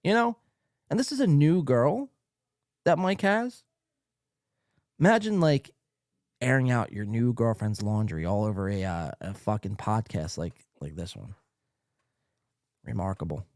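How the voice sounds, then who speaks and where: A male host riffs through a late-night live stream, loud and profane and quick to mock. His pitch leaps up and down as he talks. The sound is close and dry, with no room around it. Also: animated, dry recording. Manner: loud, mocking, profane, laughs often. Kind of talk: casual live stream commentary.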